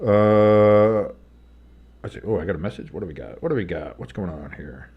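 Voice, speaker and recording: The recording sounds dull, and the man's voice sits low with a slightly rough texture, animated yet at a normal speed. As a sports streamer and play-by-play host, he calls plays live and rambles into joking side comments.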